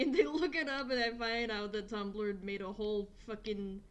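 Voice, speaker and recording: A woman's voice: medium pitch, steady tone, moderate pace. A woman streaming a game, chatting casually in a crude, rambling way and laughing often. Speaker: gaming streamer. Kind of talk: casual gameplay commentary.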